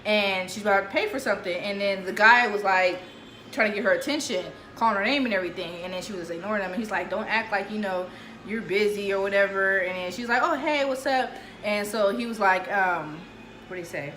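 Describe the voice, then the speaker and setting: A woman's voice: medium pitch, brisk, fairly bright tone. A woman telling a friend's story in casual chat, acting out the dialogue and laughing as she goes. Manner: chatty, retells dialogue, laughs often. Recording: echoey room with faint noise.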